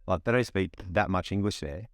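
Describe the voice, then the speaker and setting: A young Australian man co-hosting a podcast, telling stories in an animated way, swearing and calling people mate. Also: sits low, brisk, dry recording, clean studio sound. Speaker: podcast co-host. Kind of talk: casual chat, storytelling.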